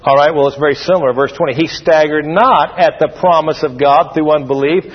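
Before a church congregation, a man speaks briskly in a fairly high, steady-toned voice. His sermon is emphatic and repetitive, inviting the crowd to respond, captured in dull lo-fi sound with a long hall reverb.

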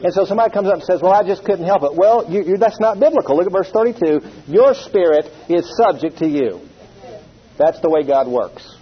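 A middle-aged man's sermon is captured in dull lo-fi audio, his voice high, fairly quick and slightly rough. He tells animated stories with acted quotes and calls on the congregation to respond.

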